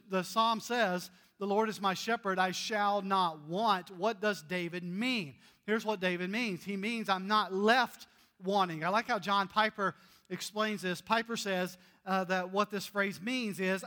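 A man preaching a sermon, telling stories earnestly and swinging between loud emphasis and hushed asides. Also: high-pitched. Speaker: pastor.

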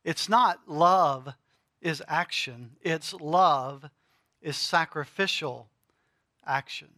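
A middle-aged man preaching a sermon, with emphatic swells and dramatic pauses. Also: fairly high pitch, pushed and bright, dry recording, studio quality. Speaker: pastor.

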